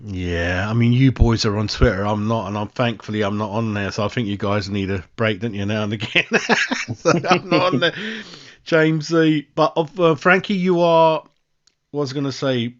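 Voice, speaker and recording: Chatty host, muffled stream audio. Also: male voice, medium pitch. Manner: chatty, addresses viewers directly, frequent "mate". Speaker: football fan channel host. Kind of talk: casual live-stream chat.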